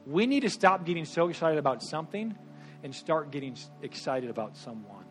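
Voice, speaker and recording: A man preaching a sermon, animated and conversational, swinging between loud bursts and hushed asides, with quick rushed remarks. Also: on the high side, soft background music. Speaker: pastor.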